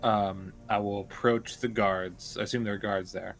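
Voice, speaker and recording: A man's voice: on the low side, steady tone, normal speed, soft background music. Casual male tabletop game player.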